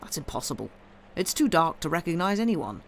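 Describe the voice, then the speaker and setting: A woman's voice: low voice, big pitch swings, fairly quick, slight background noise. Woman reading an urgent young lover. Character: ardent impatient young man, a lover.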